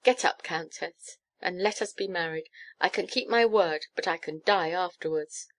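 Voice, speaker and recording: A woman's voice: lowish voice, moderate pace, close to an everyday voice. A woman reading a storybook, voicing a flustered, desperate young king who gasps and stammers. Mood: grim. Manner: gasping, stammering, frantic.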